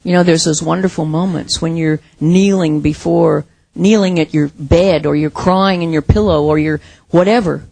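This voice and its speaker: A middle-aged woman preaching a sermon, expressive, with soft dramatic pauses. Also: deep voice, gravelly, dry recording.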